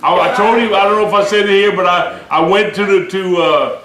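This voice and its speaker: A man in his sixties, a bishop preaching a sermon with lively humor and laughing asides. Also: high voice, a little fast. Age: 60s. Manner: animated, laughing asides, acts out quoted voices. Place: church sanctuary. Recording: roomy church recording with congregation responses.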